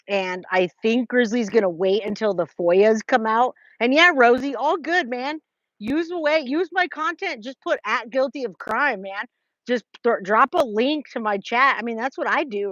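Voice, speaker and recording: Talking a little slowly in a fairly high voice, this Californian woman reads chat on her casual livestream from a trailer. She greets viewers by name and restarts a lot. The recording is dry, slightly dull and lo-fi, with no echo.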